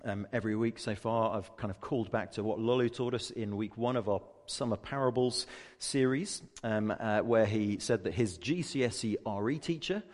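A man's voice: lowish voice, moderate pace, a little mellow. Earnest male preacher in a reverberant hall. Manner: earnest, emphatic preaching with rhetorical questions. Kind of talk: sermon.

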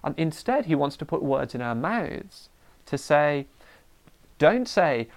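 A middle-aged man preaching a sermon, animated and lively, sometimes acting out a ranting parent. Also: fairly high pitch, slow pace.

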